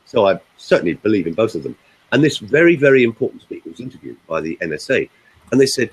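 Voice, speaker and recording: Man, voice coach, emphatic, husky tone, lively pitch. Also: poor audio. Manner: emphatic, animated, demonstrating pauses. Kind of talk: coaching talk on a group call.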